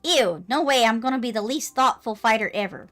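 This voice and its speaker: A woman puts on an eager child from a cozy game, hotheaded and pushy. The kid rattles off pleas in a quick, excited rush. Faint music sits in the back. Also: fairly high pitch.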